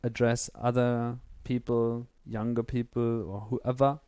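A man hosting an interview speaks slowly and hesitantly, often restarting his questions and joking about himself. His voice is smooth and clear. The recording is dry, with no room echo. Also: medium pitch, flat delivery, dark tone. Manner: unhurried, hesitant questions, self-deprecating. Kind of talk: casual conversational interview.

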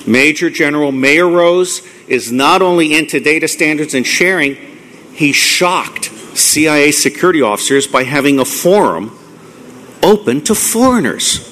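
Blunt, profane man lecturing excitedly. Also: a little high, normal speed, slight background noise. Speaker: conference speaker. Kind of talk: live lecture to an audience.

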